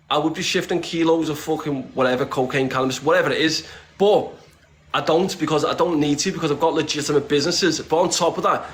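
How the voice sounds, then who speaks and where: A blunt, streetwise man chats casually as a guest, swearing freely as he talks. He rambles and restarts his sentences often. His voice sits a little higher than most men's. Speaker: interview guest. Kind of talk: casual conversation.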